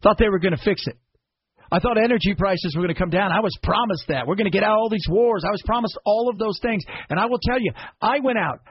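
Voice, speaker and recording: A man's voice: high-pitched, fast talker, slightly rough, dry recording, lo-fi sound. A man from the United States hosting a talk radio show, delivering an exasperated, sarcastic monologue full of rhetorical questions.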